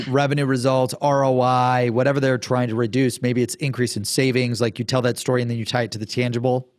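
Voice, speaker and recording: A man hosting an interview who eagerly jumps in with quick follow-up questions. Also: medium pitch, level tone, dry recording, studio quality. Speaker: podcast host. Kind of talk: conversational interview.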